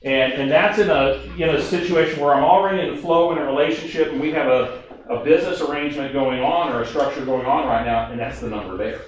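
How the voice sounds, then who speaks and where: A man's voice: a little high, fast talker, recorded from a distance. A man giving a training presentation to a class, conversational and engaging, often asking the audience questions. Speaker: instructor. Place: classroom or meeting room. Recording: very echoey room, faint noise.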